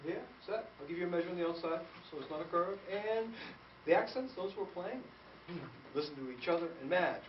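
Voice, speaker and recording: Brief: man guest-conducting a school band, animated and teasing, fairly high voice, heard from a distance in an echoey room with hiss. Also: a little fast, dull audio. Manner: animated, playful, quizzing students. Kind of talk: school band rehearsal instruction.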